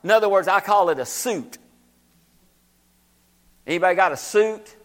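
A man's voice: sits high, lively intonation, normal speed, fairly bright tone. A male pastor preaching a sermon, repeating scripture lines and calling on the congregation to say them back. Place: church sanctuary. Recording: echoey church hall.

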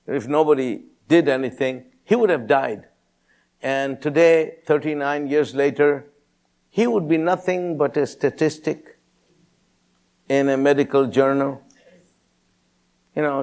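Delivering a sermon, this sixty-something pastor tells his testimony with lots of energy and a touch of vocal fry, and his pitch jumps up when he repeats what others said.

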